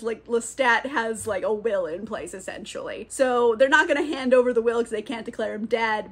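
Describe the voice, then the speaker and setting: A woman with a slightly high voice talks through a TV episode recap in a casual, animated way. She laughs often and slips into quick mock voices for the characters. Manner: chatty, animated, laughs often, acts out quotes. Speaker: TV recap host.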